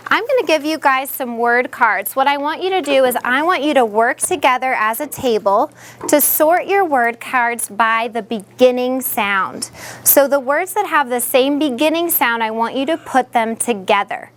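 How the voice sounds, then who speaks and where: A patient, encouraging woman teacher speaking in a classroom, her voice sitting a little on the high side. She stretches words out syllable by syllable for young learners, with a faint hum of noise behind her. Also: expressive, normal speed, a bit bright.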